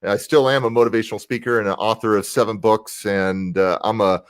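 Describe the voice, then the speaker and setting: An American motivational speaker and rapper joins a casual livestream interview by video call, staying upbeat and greeting live viewers by name as he talks. His voice is smooth, lowish, fairly quick, and fairly even in intonation, with no room sound.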